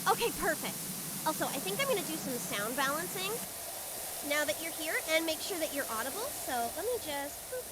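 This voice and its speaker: A young woman streaming a game, chatting casually and excitably with a friend. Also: high voice, fairly quick, background noise. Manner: bubbly, excitable, giggly. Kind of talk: casual gaming stream chat.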